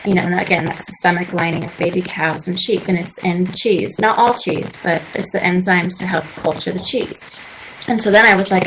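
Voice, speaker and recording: A woman's voice: lowish voice, steady tone, a little fast, a little hiss or hum, poor audio. A woman in her twenties chatting earnestly as a guest on a radio talk show, telling her story at length. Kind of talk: casual interview chat. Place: radio studio.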